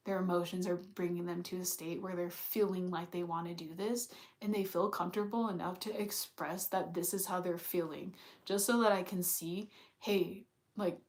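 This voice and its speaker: Young adult woman, lower register, rambling conversational vlogger who swears casually. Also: creaky. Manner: rambling, heavy use of "like", swears, sighs. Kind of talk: casual storytelling vlog.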